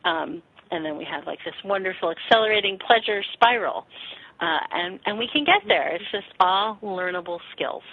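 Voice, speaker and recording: A woman sexuality teacher answering interview questions frankly and warmly, acting out little quotes as she explains. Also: mid-range voice, moderate pace. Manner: frank, animated, acts out quotes with laughs. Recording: tinny phone-line sound.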